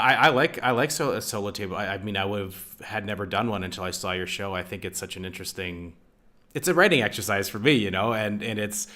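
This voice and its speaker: A man's voice: lowish voice, sharp tone. A man hosting a casual interview, friendly and enthusiastic, often calling his guest man. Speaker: host.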